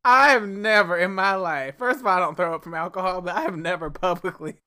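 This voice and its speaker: A woman's voice: lowish voice, fairly quick, pushed and bright. A woman co-hosting a casual podcast, laughing often and playfully arguing her side of the story. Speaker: podcast co-host. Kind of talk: casual recap chat.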